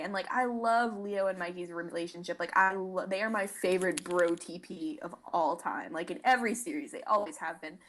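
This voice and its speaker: Young woman, podcast co-host, gushing, excitable, casual fan chat, lots of "like". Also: medium pitch, a little fast. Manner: gushing, excitable, many "like" fillers.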